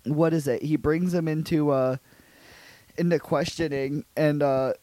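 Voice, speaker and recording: Male podcast co-host, crude casual chat, rambling teller who likes doing voices; raised pitch, dead-dry room. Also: fairly even intonation, unhurried, dark tone, no room sound. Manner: rambling retelling, slips into goofy voices for characters.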